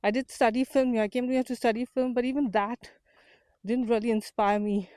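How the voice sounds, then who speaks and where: A woman's voice: on the high side, steady tone, a little fast, darkish tone, no room sound. A woman from India hosting an unedited walk-and-talk vlog outdoors, earnest and motivational, a little out of breath from walking uphill. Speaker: community founder and host. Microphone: small portable mic.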